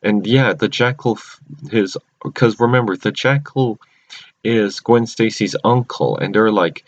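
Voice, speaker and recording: Rambling lower-voiced man, dull lo-fi sound. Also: a little slow. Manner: rambling, many restarts and self-corrections. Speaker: cartoon episode recapper. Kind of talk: casual unscripted recap. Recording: dull lo-fi recording.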